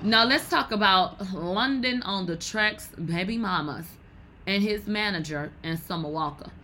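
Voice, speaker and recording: A woman in her thirties hosting a podcast, giving blunt, profane, animated gossip commentary. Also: mid-range voice, unhurried, a little hiss or hum, rough recording. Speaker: podcast host.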